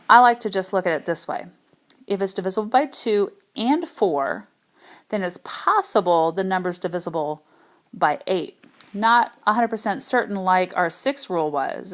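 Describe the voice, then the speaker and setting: A woman with a lowish voice walks students through a math lesson. She explains casually, thinking aloud with small fillers, as if recording over a tablet whiteboard. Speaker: math teacher. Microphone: tablet microphone.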